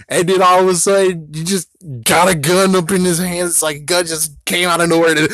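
A man's voice: fairly high pitch, unhurried, a bit bright, dry recording. A man rambling casually to his vlog audience, swearing, laughing often and acting out scenes he imagines. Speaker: vlogger.

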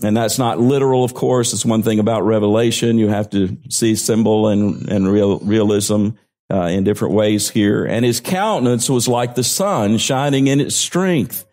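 A pastor preaching, reading scripture aloud and slowing down to stress key phrases. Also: male voice, lowish voice, a little mellow. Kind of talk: sermon.

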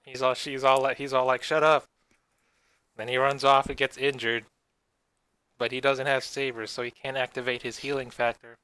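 A man's voice: mid-range voice, flat delivery, a little fast, pushed and bright, clear, resonant tone, no echo, low-quality recording. A man co-hosting a casual review podcast, rambling and stammering as he sarcastically retells a plot. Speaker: podcast co-host.

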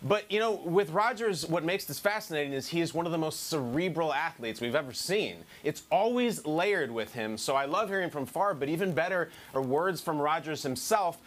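A man analysing on a sports talk show, animated, building his argument with quotes. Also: fairly high pitch, normal speed, few pauses.

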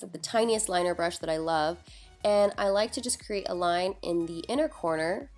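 Chatty young woman doing a makeup tutorial. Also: fairly low pitch. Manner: chatty, self-deprecating, talks through each step. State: sleepy, just woke up. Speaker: beauty vlogger.

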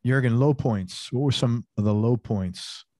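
A man's voice: medium pitch, a little slow, mellow, dry recording, studio quality. A man hosting an interview, asking enthusiastic, rambling questions in a casual way. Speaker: interview host.

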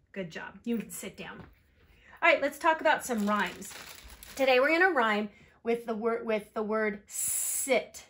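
A woman teaching a kindergarten phonics lesson from home, stretching out letter sounds slowly and praising the children brightly. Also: fairly high pitch.

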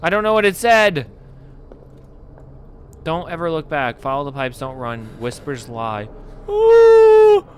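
A man's voice: medium pitch, measured pace, pauses often, a bit bright, a little hiss or hum. A young man commentating a horror game as he plays, jumpy and panicky, breaking into screams and swearing when something startles him. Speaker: gaming YouTuber.

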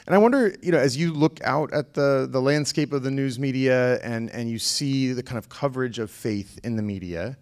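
A man moderating a live panel, his voice in an ordinary middle register. He asks long, winding questions, pausing and restarting as he works out what he wants to say. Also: mid-range voice. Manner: halting, thinks aloud with many restarts. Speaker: panel moderator, history professor. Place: church hall.

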